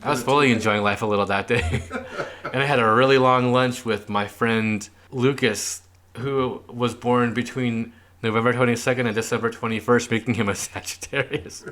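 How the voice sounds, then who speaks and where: A man's voice: mid-range voice, fairly even intonation, normal speed, a bit bright. A young man co-hosting a podcast, casually chatting and reading old newspaper clippings aloud with a loose, filler-heavy delivery. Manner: laid-back, reads clippings aloud with lots of "like". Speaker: podcast co-host. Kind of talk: casual chat.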